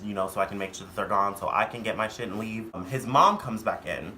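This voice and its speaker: A man's voice: on the low side, bright, forceful tone, a little hiss or hum. A young man telling a storytime vlog in a casual, profane, rambling way. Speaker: vlogger.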